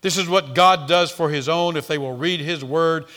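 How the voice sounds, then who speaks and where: A man preaching a sermon, swinging between loud emphasis and hushed tones, and repeating words as he speaks off the cuff. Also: fairly high pitch, moderate pace.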